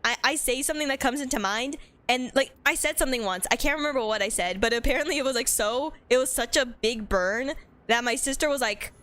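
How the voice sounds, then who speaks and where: A woman's voice: high voice, a little fast, a bit bright. A woman streaming a game, chatting casually with giggly, rambling trash talk. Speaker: gaming streamer. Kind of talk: casual live-stream chat.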